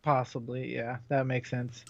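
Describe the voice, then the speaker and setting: A man's voice: mid-range voice, flat delivery, unhurried, gravelly. A man co-hosting a casual radio chat, hesitant and prone to trailing off. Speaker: radio co-host. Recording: dull dry sound.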